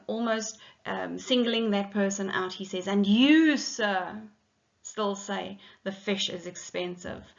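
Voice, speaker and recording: A middle-aged woman teacher speaks at a medium pitch. She explains a poem step by step, pausing on ums as she goes. The recording sounds dull and lo-fi. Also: a bit bright. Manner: explanatory, methodical, with frequent ums. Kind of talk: poetry lesson.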